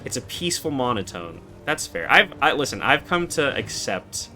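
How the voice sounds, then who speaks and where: A man in his twenties streaming a game, chatting casually and answering chat in a relaxed, monotone way. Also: medium pitch, moderate pace, soft background music. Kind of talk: casual live-stream chat while gaming.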